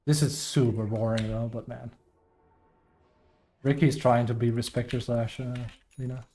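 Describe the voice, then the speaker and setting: Giving live commentary on a team game, a man vents his frustration at a teammate, sometimes trailing off under his breath. His voice is medium-pitched, level, and dark at normal speed, with a little hiss or hum in the recording.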